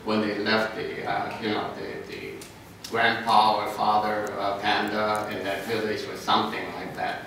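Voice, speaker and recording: A man's voice: on the low side, completely flat delivery, unhurried, creaky, sharp tone. An older man telling stories as a guest on a convention panel, chuckling and restarting his sentences often. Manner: rambling, chuckling, with many restarts. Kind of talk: panel Q&A storytelling. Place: large convention hall. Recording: echoey convention hall, noisy, from far off.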